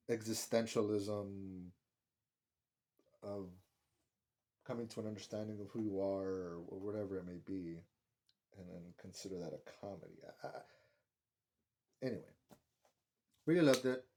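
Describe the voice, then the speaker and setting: Low-voiced man rambling casually. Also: darkish tone. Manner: rambling, profane, heavy use of "like". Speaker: film reviewer. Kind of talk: casual spoken film review.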